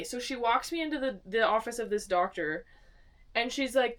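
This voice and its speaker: Recorded on a distant mic in a small home studio, this podcast co-host is a young Arizonan woman whose voice runs a little high and fairly quick. Her casual storytelling includes acted-out quotes delivered in animated voices.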